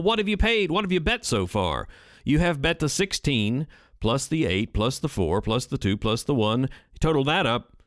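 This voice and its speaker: Animated man rambling into a dry studio mic. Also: mid-range voice, dry recording. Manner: animated, rambling, thinks aloud. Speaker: podcast host. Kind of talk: casual solo commentary. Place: home recording studio. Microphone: studio microphone.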